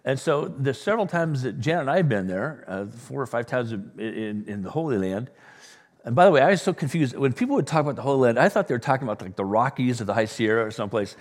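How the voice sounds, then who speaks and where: A man from Southern California preaching a sermon as pastor, joking, with sudden loud bursts and quiet asides. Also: mid-range voice, animated, fast. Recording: long hall reverb.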